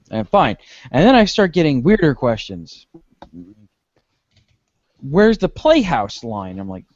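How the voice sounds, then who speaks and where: A man hosting a podcast, telling a convention story in a lively way, acting out the lines of the people in it. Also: a little high, normal speed, dry recording, muffled recording. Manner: animated storyteller acting out dialogue, laughing often. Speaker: podcast host. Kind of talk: casual anecdote telling.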